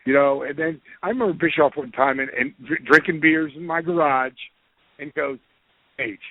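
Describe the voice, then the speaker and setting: Man, middle-aged, fairly high voice, swears a lot, acts out quotes, tinny phone-like sound, dry. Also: moderate pace, no room sound. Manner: profane, animated, acts out quotes. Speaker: podcast guest. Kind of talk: casual storytelling.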